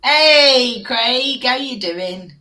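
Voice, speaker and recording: A woman's voice: on the high side, expressive, drawn-out words, pushed and bright. A woman hosting a casual livestream chat, laughing often and teasing her friends. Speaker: livestream host.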